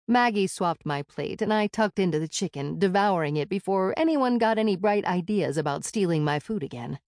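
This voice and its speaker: A woman reading a first-person audiobook in a wry, measured storytelling manner. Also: medium pitch, lively intonation, a little mellow, no room sound, clean studio sound. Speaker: audiobook narrator.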